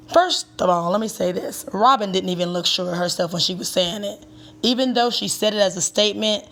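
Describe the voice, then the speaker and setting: A woman talks through a gossip recap in a chatty, sassy way. Her mid-pitched voice carries a gravelly edge, and she breaks off often for emphatic asides. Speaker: tarot reader and reality TV recapper. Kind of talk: casual commentary.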